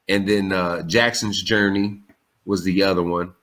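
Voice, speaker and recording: A man in his forties, a comedian guest on a remote call, telling stories in a casual, profane way and jumping up in pitch when he quotes himself. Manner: animated, profane, jumps high for quoted lines. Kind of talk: casual storytelling interview.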